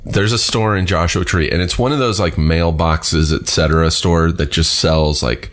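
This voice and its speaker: A man's voice: low-pitched, fairly even intonation, normal speed, fairly bright tone. A man hosting a casual podcast chat, joking and swearing freely. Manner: crude, joking. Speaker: podcast host.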